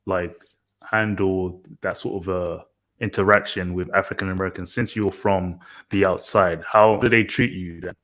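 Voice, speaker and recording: Low-voiced man hosting a chat stream. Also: fairly even intonation, normal speed, fairly bright tone. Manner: probing questions, rising animation. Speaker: host of a stream. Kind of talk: casual chat.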